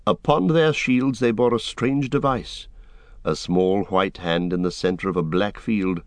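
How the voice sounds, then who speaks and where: A man narrating a fantasy audiobook in a steady, deliberate storytelling manner. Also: lowish voice, no echo. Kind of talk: scripted narration.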